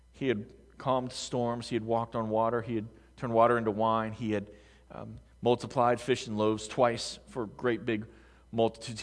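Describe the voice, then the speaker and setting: A man preaching a sermon to a congregation, talking conversationally with rhetorical questions and swinging between hushed words and loud emphasis. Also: medium pitch. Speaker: pastor. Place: large room with a congregation. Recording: long hall reverb.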